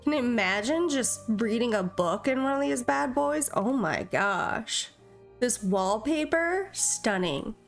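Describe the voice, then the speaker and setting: A woman's voice: fairly high pitch, animated, slow, soft background music. A young woman streaming a video game, chatting casually in a playful, self-mocking way. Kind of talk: casual live-stream chat.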